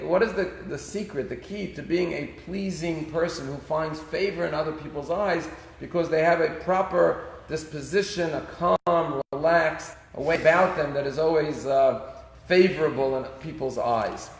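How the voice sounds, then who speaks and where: A rabbi giving a casual daily sermon, telling stories and using Hebrew phrases. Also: male voice, fairly high pitch, normal speed, creaky. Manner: conversational storytelling, Hebrew phrases. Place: synagogue sanctuary. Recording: echoey synagogue hall.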